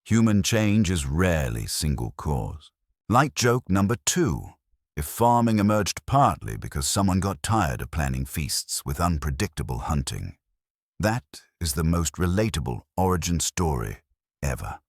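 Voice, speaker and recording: A man giving a calm, scripted narration meant for sleep, gently wry in tone. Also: sits low, unhurried, dry recording, studio quality.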